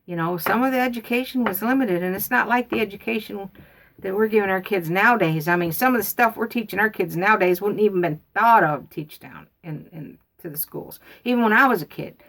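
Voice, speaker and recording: A woman's voice: mid-range voice, a little fast, fairly bright tone. A woman, telling a family story in a rambling, folksy way. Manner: rambling, folksy, repeats herself. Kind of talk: casual storytelling.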